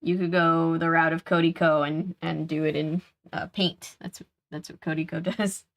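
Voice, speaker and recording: A woman's voice: low-pitched, level tone, normal speed. A woman hosting a live game stream, chatting casually, laughing often and answering her chat aloud.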